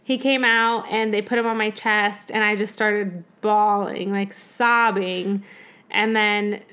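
A young woman casually telling a personal story in conversation, animated and laughing often. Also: mid-range voice, takes it slowly, smooth.

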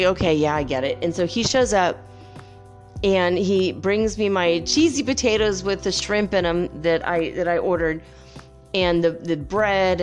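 A woman vlogger casually telling viewers a rambling, animated story, with playful whoops and laughs. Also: lowish voice. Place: home by the Pacific.

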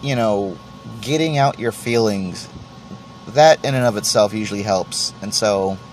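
A man's voice: lowish voice, measured pace, slight background noise. Rambling, swearing podcast man. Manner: rambling, self-deprecating, swears often, many restarts. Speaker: podcast host. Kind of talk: casual solo podcast rant.

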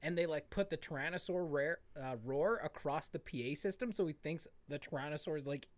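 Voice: mid-range voice, a little fast. A podcast co-host in casual film chat, telling stories in a rambling way full of fillers. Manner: rambling, filler-heavy storytelling.

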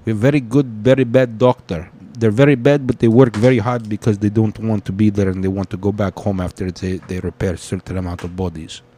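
A man's voice: fairly low pitch, steady tone, brisk, hardly any pauses, lightly acted. A man putting on a blunt mock-Russian braggart. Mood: boastful. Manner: broken grammar, blunt, dark-humored boasting. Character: boastful Russian man named Boris, blunt and grim.

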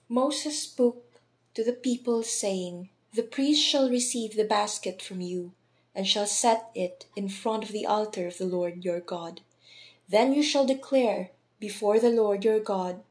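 Slow, measured woman reading scripture. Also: mid-range voice, darkish tone. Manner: measured, deliberate, formal. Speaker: scripture reader.

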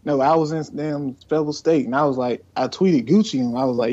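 A man's voice: fairly high pitch, fast, few pauses, dark tone, no room sound. A man guesting on a podcast, joking bluntly and crudely in casual chat. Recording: dry, dull lo-fi sound.

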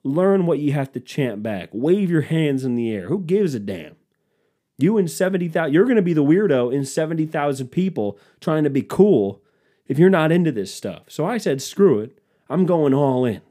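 A man's voice: a little high, sing-song, normal speed, warm tone. A man hosting a casual solo podcast. He rants in a profane, sarcastic way and mocks other people by quoting them. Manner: profane, sarcastic ranting with mock quotes. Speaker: podcast host.

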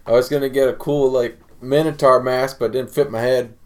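A man's voice: medium pitch, fairly even intonation, fairly quick. A man on a casual podcast who talks in a laid-back way and drops dry one-liners. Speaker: podcast co-host. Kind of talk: casual chat.

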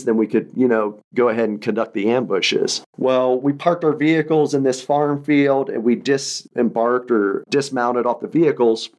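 Guy in his 30s telling his story on a podcast, earnest, stops and restarts a lot, mid-pitched voice. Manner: earnest, halting, reflective, with frequent restarts. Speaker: podcast guest, military veteran. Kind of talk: personal storytelling in an interview.

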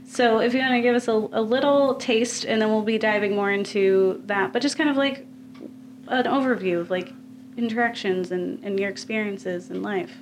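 A giggly woman hosting a casual podcast, her voice sitting at an ordinary middle pitch. She chats loosely and breaks into laughter between phrases. A faint noise sits under her voice. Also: fairly even intonation, moderate pace. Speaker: podcast host. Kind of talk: casual chat. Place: home basement podcast room.

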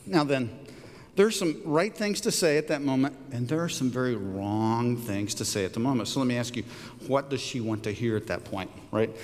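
A middle-aged male pastor preaching in a church sanctuary, his voice sitting high for a man. He tells stories in an animated way and climbs up sharply whenever he quotes someone. The sound carries a long, ringing reverb from the hall. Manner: animated storyteller, rises high for quoted lines. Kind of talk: sermon with storytelling.

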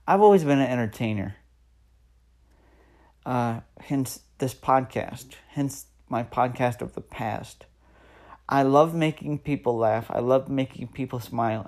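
This podcast host is a man in his thirties with a mid-range, slightly mellow voice. Hosting solo, he talks earnestly to motivate his listeners and repeats phrases to drive his points home.

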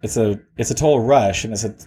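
A man with a somewhat low voice chats loosely about music, drifting between thoughts. He stalls, restarts, and leans on fillers as he tells his story. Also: warm tone, husky. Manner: rambling, halting, lots of "like" and restarts. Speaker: musician guest. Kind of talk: casual chat.

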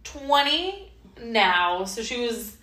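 A woman's voice: on the high side, very animated, takes it slowly, bright, forceful tone. A woman in casual chat who laughs easily and fills her talk with "like". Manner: chatty, laughs easily, frequent "like" fillers. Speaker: podcast co-host. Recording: roomy echo.

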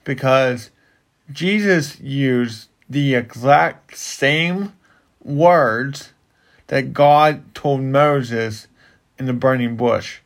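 A slow, unhurried man with a gravelly, creaky voice, teaching scripture in casual conversation. He stops and restarts his sentences often, circling toward what he wants to say. He talks things through at an easy pace. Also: medium pitch. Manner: halting, repeats himself while building to a point. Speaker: Bible teacher and podcast co-host. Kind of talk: casual Bible teaching chat.

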